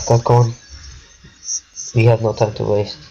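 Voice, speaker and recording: A man's voice: lowish voice, little pitch movement, slow, gravelly, muffled recording, a little hiss or hum. A young man giving casual gameplay commentary, jumpy and muttering, exclaiming when scared. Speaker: gaming video creator.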